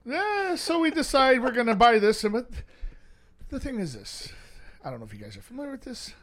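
A man's voice: very high voice, a little fast. A man, a former police officer, telling crude stories on a podcast and acting out the voices of the people in them. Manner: animated, profane, acts out voices in his stories. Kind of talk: casual storytelling with crude humor.

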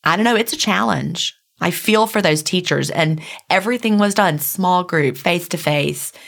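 Middle-aged woman co-host, low gravelly voice, earnest and rambling. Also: normal speed, a bit bright. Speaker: podcast co-host. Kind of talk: casual podcast chat.

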